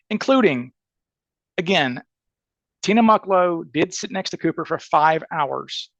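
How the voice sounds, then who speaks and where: Gravelly Southern man making his case. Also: fairly high pitch, expressive, a little slow, a bit bright, no room sound. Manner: emphatic, keeps checking in with "okay?" and "right?". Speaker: criminal defense attorney as guest. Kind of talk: podcast interview, explaining a case.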